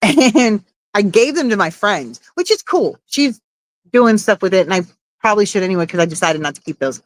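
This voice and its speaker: Woman livestream host, loose and chatty, dry close sound, mid-pitched voice. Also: expressive, fairly quick, dry recording. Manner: chatty, laughs often, swears casually. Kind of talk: casual livestream chat.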